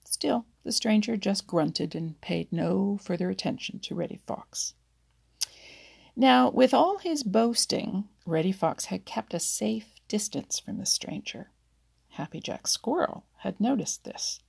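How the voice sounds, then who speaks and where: A woman reads a children's animal story aloud in an unhurried, gentle way. Her voice is heavily gravelly and husky, with many lines drifting into a half-whisper. The pace is leisurely. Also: fairly low pitch.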